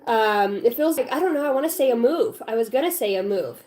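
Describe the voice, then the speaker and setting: A woman's voice: on the high side, lively intonation, brisk, a little mellow. A woman giving a casual, blunt, encouraging tarot reading at home, swearing freely. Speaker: tarot reader. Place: home with her small child nearby.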